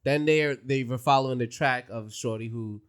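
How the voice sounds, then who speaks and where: A man hosting a casual podcast chat, slangy and animated, talking in quick rushes. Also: medium pitch, clear, resonant tone. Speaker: podcast host. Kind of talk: casual anime recap chat.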